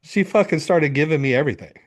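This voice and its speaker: His voice sits a little high and he talks fast: a middle-aged men's coach telling a story in an interview. He brings it to life by acting out quotes, swearing freely as he goes.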